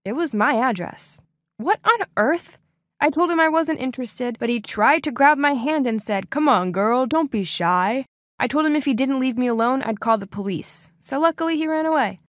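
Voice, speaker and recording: A woman's voice: sits high, lively intonation, moderate pace, dry recording, clean studio sound. A young adult woman narrating a first-person story in a scripted, emotive, dramatic way.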